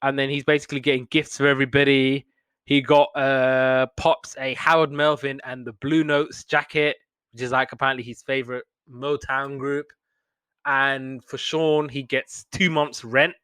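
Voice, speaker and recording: Young man, casual recap, bright tense voice, smooth and crisp, dry close sound. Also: mid-range voice, flat delivery, no echo. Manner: chatty, loose retelling with many fillers and quick laughs. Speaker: podcast host reviewing TV shows. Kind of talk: casual recap of a sitcom episode.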